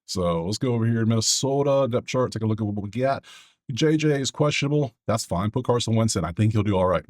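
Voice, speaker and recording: A man's voice: on the low side, lively intonation. A man hosting his own sports betting video, talking loosely to himself as he clicks through stats. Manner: loose, chatty, talks to himself, quick asides. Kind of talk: casual solo commentary over a screen.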